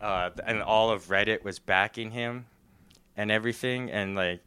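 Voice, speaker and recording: A man's voice: fairly low pitch, steady tone, normal speed, bright, forceful tone, clear, resonant tone. A young man in casual chat, telling a rambling story and laughing often.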